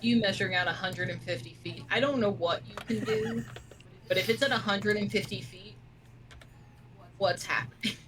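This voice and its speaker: A woman's voice: mid-range voice, fairly even intonation, moderate pace, pauses often, fairly bright tone, slight background noise, low-quality recording. A woman playing a tabletop game who talks in a playful, teasing way. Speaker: player.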